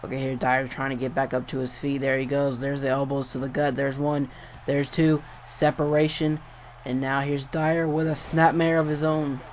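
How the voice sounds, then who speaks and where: A young man giving casual play-by-play commentary over a wrestling video game, getting excited and swearing at big moves. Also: mid-range voice, moderate pace, a little hiss or hum. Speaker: gameplay commentator.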